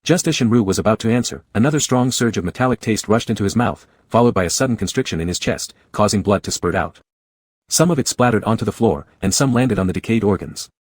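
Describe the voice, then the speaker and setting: A man narrating a story in a steady, scripted reading style. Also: lowish voice, no echo. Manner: steady, fast-paced reading.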